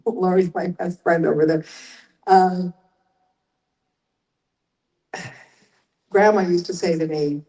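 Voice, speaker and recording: A woman's voice: lowish voice, steady tone, takes it slowly, long pauses, dark tone, low-quality recording. An older woman speaking as a guest on a convention panel, explaining things in a chatty way and turning to the audience with asides. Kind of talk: live panel storytelling.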